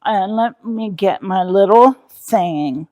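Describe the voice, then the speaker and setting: A woman's voice: medium pitch, slow pace, mellow, slight background noise. A woman hosting a live cooking stream from her home kitchen, chatting loosely with her viewers as she works. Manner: chatty, rambling, talks to viewers in chat. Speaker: cooking livestream host. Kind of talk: casual live cooking chat.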